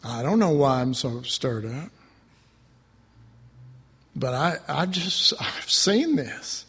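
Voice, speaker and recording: A male pastor preaching a sermon in an animated, rhetorical way, with self-mocking asides. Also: medium pitch, takes it slowly, long reverb tail.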